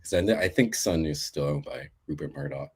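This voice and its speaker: A man's voice: rumbling low, a little fast, a little mellow, husky. A man as a guest on a casual live-stream talk, telling a story with emphatic bursts and laughter.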